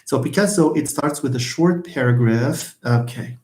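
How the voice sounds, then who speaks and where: A man's voice: medium pitch, moderate pace, a little mellow, roomy sound. A man lecturing on linguistics in an online question-and-answer session, explaining patiently and repeating points. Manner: explanatory, repeats himself, mixes in Arabic phrases. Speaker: university English lecturer.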